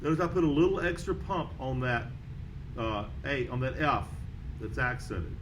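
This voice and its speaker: Heavy background noise surrounds this man's animated, mid-range voice as he teaches beginners the trumpet at a normal speed. A band teacher, he counts in and names the notes steadily throughout the lesson walkthrough.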